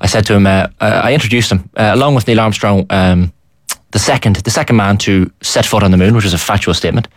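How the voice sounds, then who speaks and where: Fast-talking man telling anecdotes. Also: on the low side, no room sound, studio quality. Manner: rapid anecdotal storytelling. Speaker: quiz contestant. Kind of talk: casual studio banter.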